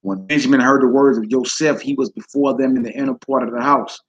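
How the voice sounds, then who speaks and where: A man's voice: medium pitch, fairly even intonation, fast, dull audio. A man reading scripture aloud and commenting on it in a casual, slangy preaching manner. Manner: casual slang, frequent "you know what I'm saying" asides. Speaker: religious teacher.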